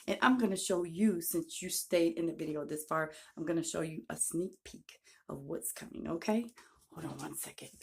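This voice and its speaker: A woman, a YouTuber and self-published author, chatting through an excited unboxing vlog on her phone camera and gushing often. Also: on the low side, creaky. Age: adult with a daughter. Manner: gushing and excitable, repeats "oh my gosh". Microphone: phone camera held by hand.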